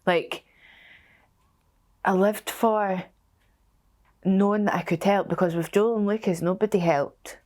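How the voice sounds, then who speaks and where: Woman, young adult, low pitch, halting, emotional, personal testimony. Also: darkish tone. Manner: halting, emotional, many restarts. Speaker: bereaved mother sharing her story.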